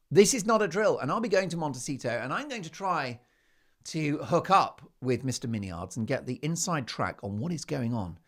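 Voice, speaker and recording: British male talk host, sarcastic and emphatic, higher voice with lively swings in pitch. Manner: sarcastic, emphatic, swings between loud and quiet. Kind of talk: opinionated monologue.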